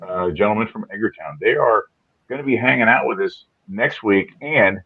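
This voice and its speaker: An upbeat man hosts a live show in a lowish voice, rambling along with frequent restarts. His voice comes through slightly dull, lo-fi stream audio. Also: animated, normal speed, breathy edge. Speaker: podcast host. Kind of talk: casual live-show chat.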